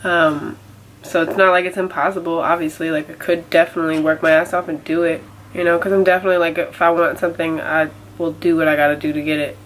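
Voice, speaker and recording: A woman's voice: sits low, flat delivery, quick pace, slight background noise, rough recording. A young woman vlogging about a setback in a casual, rambling way, with a nasal voice and lots of filler words. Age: young adult. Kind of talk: casual confessional vlog.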